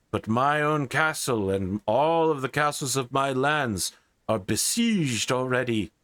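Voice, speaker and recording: A man voicing a pained male king who speaks to the players through a magic axe, in a slow and formal way. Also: mid-range voice, fairly bright tone, dry recording, pitched above the performer's own voice. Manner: slow, formal, regal speech.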